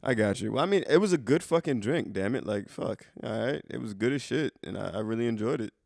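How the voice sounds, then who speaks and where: A young man co-hosting a podcast, talking in a laid-back, profane way with halting restarts. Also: medium pitch, animated, vocal fry, darkish tone, dry recording. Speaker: podcast co-host. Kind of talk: casual chat.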